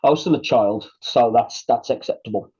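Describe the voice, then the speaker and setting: A man's voice: mid-range voice, normal speed, warm tone, slightly rough, muffled recording. A man in his late thirties co-hosting a podcast, chatting casually and telling stories with animation. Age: late 30s. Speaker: podcast co-host. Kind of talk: casual chat.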